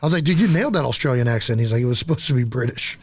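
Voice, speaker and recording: Mid-pitched man, teasing and asking questions. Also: lively intonation, rapid-fire, slight background noise. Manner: teasing, asks questions, steers the talk. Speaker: podcast co-host. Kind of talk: casual chat.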